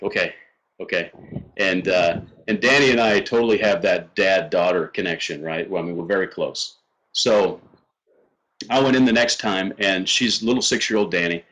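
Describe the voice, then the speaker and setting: Middle-aged guy telling a story, lowish voice, earnest, lots of uhs and restarts. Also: fairly bright tone, rough recording. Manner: earnest, halting, with many fillers and restarts. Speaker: guest. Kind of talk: personal storytelling.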